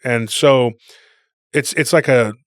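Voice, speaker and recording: A man's voice: mid-range voice, slow pace, a bit bright, no echo, clean studio sound. A man co-hosting a podcast, telling rambling stories in a casual conversational way and often calling people "dude.". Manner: rambling storyteller, says "dude". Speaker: podcast co-host.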